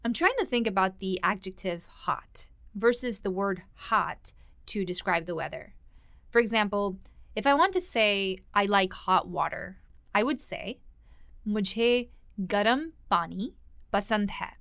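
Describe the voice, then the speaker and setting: A woman teaching a language lesson, explaining words and phrases in a clear, explanatory way. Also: mid-range voice, animated, measured pace, a bit bright, no echo, clean studio sound.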